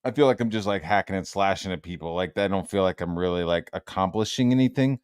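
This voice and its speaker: A man hosting a casual, profanity-heavy chat about a video game, animated and acting out quoted voices. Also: low voice, quick pace, clean tone, no echo, studio quality. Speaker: host.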